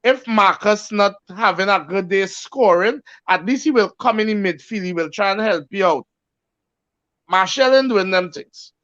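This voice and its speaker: A man's voice: sits high, normal speed, fairly bright tone, dry recording. A man giving emphatic, opinionated football talk as a co-host. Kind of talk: casual football chat. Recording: dry dull lo-fi audio.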